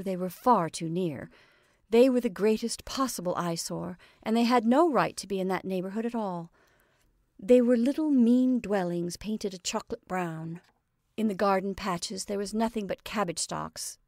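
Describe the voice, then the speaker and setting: A woman giving a measured, expressive reading of a literary short story as narrator. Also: mid-range voice, no room sound, studio quality.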